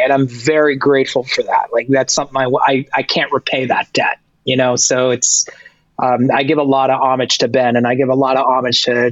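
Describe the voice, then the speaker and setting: A man's voice: medium pitch, no echo, dull audio. A man, a tour manager guest, telling stories casually with lots of filler and swearing, acting out both sides of the conversations. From Persian heritage. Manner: animated, swears freely, heavy "like" filler, acts out dialogue. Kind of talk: casual storytelling interview.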